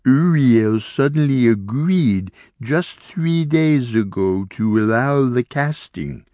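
An eager young alien woman, as a male narrator puts her on, raised a little in pitch and pressing her words forward. She explains earnestly, with a lively, rising lilt, dry and close. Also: no room sound. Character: young long-necked alien female craftsman, eager.

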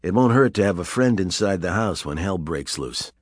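A man's voice: low voice, moderate pace, dry recording. Brief: wry, unflappable hero, read by a male narrator, slightly raised, dry close sound. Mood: defiant. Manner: calm, dry, cutting.

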